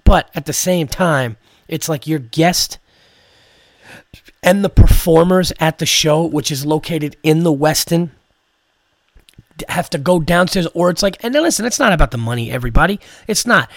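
Hoarse new guy on his podcast, kinda sick sounding, swears a lot, rants and tells stories, dry close mic. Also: normal speed, dry recording. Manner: profane, storytelling, rants with rising pitch. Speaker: comedian podcast host. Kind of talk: casual chat.

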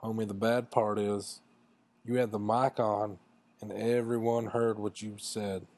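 A man quoting his gruff male school coach, who scolds him bluntly in an exasperated tone. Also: lowish voice, flat delivery, measured pace, darkish tone.

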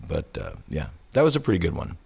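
Midwestern man, middle-aged, deep and gravelly; podcast host, animated storyteller. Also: fast. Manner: animated anecdotes, acts out quoted shouts. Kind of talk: casual chat, storytelling.

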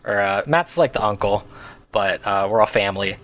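A man's voice: fairly low pitch, normal speed, fairly bright tone. A man co-hosting a podcast in casual chat, loose and joking, with frequent restarts. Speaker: podcast co-host.

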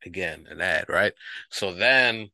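Podcast co-host, man, bright lowish voice, animated storyteller, dry close sound. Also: slow, creaky, dry recording. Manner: animated storyteller, acts out quotes. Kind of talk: casual chat.

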